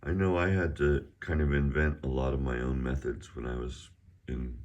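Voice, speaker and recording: A man's voice: rumbling low, level tone, normal speed, a little mellow, lo-fi sound. A middle-aged man teaching a casual online Chinese lesson at home, chatty and prone to rambling asides. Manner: sings out exaggerated tones in pronunciation drills.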